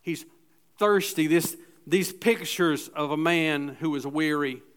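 A middle-aged man preaching a sermon in a church, his voice pitched a little higher than most men's. He talks in a conversational way, stumbling over restarts now and then and slipping into little acted-out voices to make a point. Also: slow, fairly bright tone, clear, resonant tone. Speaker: pastor.

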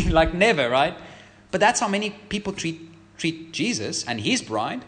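A man's voice: fairly high pitch, slow pace, long pauses. Guy preaching a sermon, voice all over the place, keeps asking "right?". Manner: animated, emphatic preaching with rhetorical questions. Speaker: pastor.

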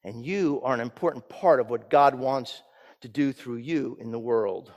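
A man's voice: medium pitch, moderate pace, dull audio. Male pastor preaching in a reverberant sanctuary. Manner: dynamic preaching, swinging from loud emphatic peaks to soft hushed lines. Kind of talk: sermon. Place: church sanctuary. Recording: church sanctuary with long reverb.

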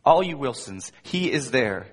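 A male pastor delivers a sermon with emphatic force, dropping at times to hushed, intimate asides. His voice is slightly husky, and it rings out with a long reverb in a large hall. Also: mid-range voice, big pitch swings, a little slow. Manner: emphatic preaching with wide swings between loud emphasis and soft asides.

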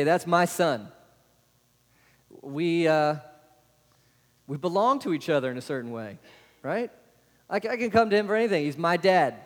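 Man preaching, rhetorical questions, slightly high voice, long hall echo. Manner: asks the congregation many rhetorical questions, adds "right?". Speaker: pastor. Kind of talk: sermon. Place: church sanctuary.

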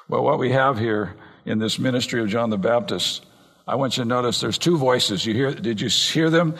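A man preaching an earnest expository sermon from the pulpit, slowing down and speeding up to stress points. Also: mid-range voice, a bit bright. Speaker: pastor. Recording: long reverb in a large hall.

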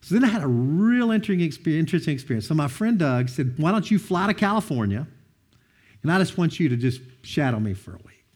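Preaching fast, a middle-aged man who is a pastor uses a lively, undulating voice that's slightly husky and a bit high for a man. His sermon moves comfortably between earnest teaching and laid-back personal stories.

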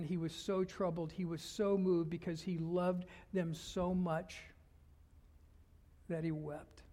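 A man preaching a sermon as a pastor, earnest, dropping to hushed whispers and rising to loud fervor. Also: a little high. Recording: long hall reverb.

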